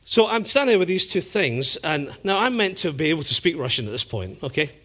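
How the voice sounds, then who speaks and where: A man delivers a sermon in a fairly high voice. He tells his stories vividly and slips into different voices to act out each scene. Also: brisk. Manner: storytelling, acting out scenes with lively voices. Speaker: preacher.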